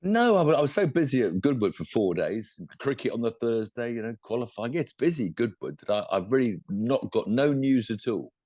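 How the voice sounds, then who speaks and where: A man's voice: medium pitch, big pitch swings, fairly quick, few pauses, darkish tone, dry recording, clean studio sound. A man co-hosting a podcast, chatting casually about motorsport in a rambling, self-correcting way. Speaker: podcast co-host.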